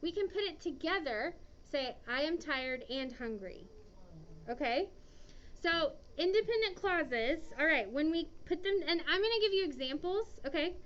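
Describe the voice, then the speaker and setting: A woman's voice: high-pitched, lively intonation, normal speed, fairly bright tone. A woman teaching an English grammar lesson to a class, chatty and often checking in with "okay". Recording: dull lo-fi classroom recording.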